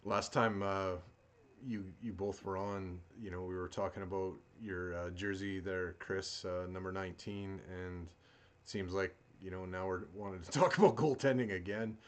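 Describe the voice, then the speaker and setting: A man hosting a sports podcast, talking in a halting, casual way. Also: low voice, steady tone. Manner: halting, lots of fillers and restarts. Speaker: podcast host.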